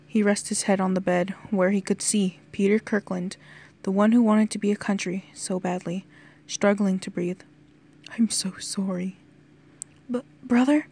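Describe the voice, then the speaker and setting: A woman reads a fan fiction chapter aloud in a plain, casual way. Her voice sits in an ordinary middle pitch for a woman. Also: little pitch movement, moderate pace, warm tone. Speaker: fanfiction reader. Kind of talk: reading a fanfic aloud.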